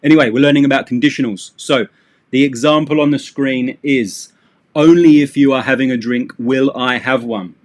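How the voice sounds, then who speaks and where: A man's voice: mid-range voice, normal speed. A man teaching English on a live stream, chatty and rambling, with self-deprecating asides.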